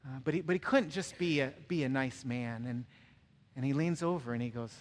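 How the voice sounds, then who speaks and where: A man's voice: medium pitch, fairly quick. A man preaching a sermon, earnestly telling a personal story and building to emphatic repeated calls. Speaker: pastor. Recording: long hall reverb.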